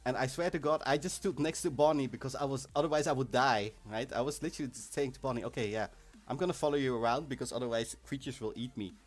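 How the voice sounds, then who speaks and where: A man hosting a live game stream, chatting casually and excitably, sometimes bursting into shouts. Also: medium pitch, quick pace, hardly any pauses. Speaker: livestream host of an online game event. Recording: faint music in the background.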